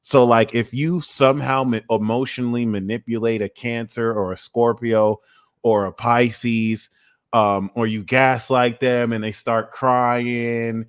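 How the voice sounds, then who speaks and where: A man hosts an astrology livestream, ranting comedically and casually in an animated, slangy, profane style and laughing at his own jokes. His voice sits at medium pitch with a moderate pace.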